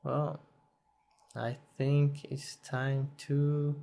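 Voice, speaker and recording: A man who is not a native English speaker, hosting a software tutorial and thinking aloud as he works, a bit tired and self-correcting. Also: medium pitch, flat delivery, extremely slow, vocal fry. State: yawning, tired. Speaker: tutorial host. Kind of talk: screen-recorded software tutorial.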